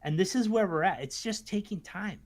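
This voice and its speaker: Man, co-host, on the high side for a man, talks in lively bursts and mimics opponents in put-on voices; casual podcast chat. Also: normal speed. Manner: animated, acts out what others say in mocking voices.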